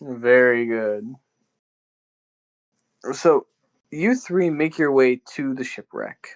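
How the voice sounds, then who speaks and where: Slow, easygoing game master narrating. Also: mid-range voice, expressive, low-quality recording. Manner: casual, loose phrasing with many fillers.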